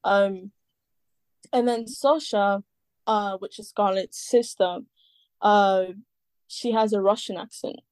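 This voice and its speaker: A woman's voice: mid-range voice, slow, pauses often, darkish tone, no echo. A woman talking as a podcast guest in casual chat, rambling with many fillers and the odd swear word.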